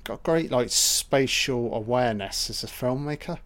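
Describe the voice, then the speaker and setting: A man's voice: medium pitch, moderate pace, fairly bright tone. A man giving a casual, crude running commentary on a film, swearing and reacting aloud.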